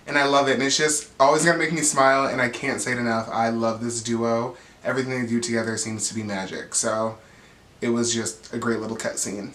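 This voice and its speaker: A man recapping reality TV in a gossipy, animated way, popping into the cast's voices and laughing along. His voice sits at an ordinary middle pitch. The sound is roomy and echoey, with the mic a little distant. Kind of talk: casual recap commentary.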